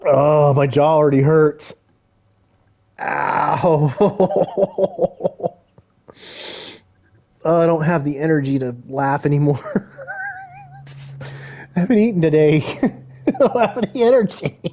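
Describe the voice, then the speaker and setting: A man's voice: a little high, takes it slowly, pauses often, mellow. A man chatting casually while playing a video game, joking, rambling and laughing a lot. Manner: easygoing, rambling. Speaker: gamer. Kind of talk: casual gameplay chat.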